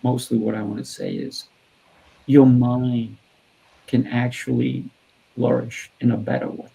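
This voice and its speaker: A man's voice: mid-range voice, level tone, unhurried, vocal fry, dark tone, breathy edge, rough recording. A man who is a trainer and show host, telling a story in a podcast conversation and acting out both sides of the dialogue.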